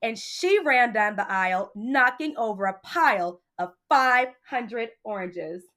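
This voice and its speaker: A woman reading a children's picture book aloud, expressive and playful. Her voice sits fairly high, bright, and rises and falls a lot. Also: measured pace. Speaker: storybook reader.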